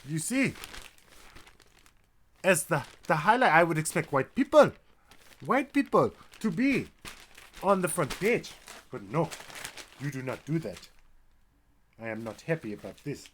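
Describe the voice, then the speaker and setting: A man's voice: fairly high pitch, big pitch swings, a little slow, pauses often, a bit bright, slight background noise. A man vlogging a heated commentary rant, talking in a profane, conversational way. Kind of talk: ranting commentary vlog. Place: Seattle, Washington.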